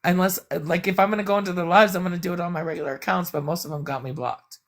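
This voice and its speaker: A woman's voice: fairly low pitch, fairly even intonation, racing. A woman chatting bluntly and profanely on a live stream, rambling as she vents. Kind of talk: casual venting chat.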